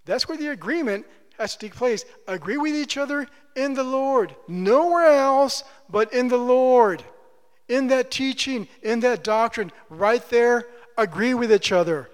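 Male pastor, high voice, emphatic pleading sermon, big echoing hall. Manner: pleading, emphatic preaching with slow drawn-out phrases.

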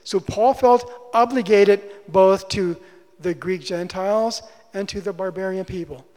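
A man's voice: high-pitched, unhurried, darkish tone. A male preacher giving a sermon, teaching through rhetorical questions and repeating his key phrases. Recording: long hall reverb.

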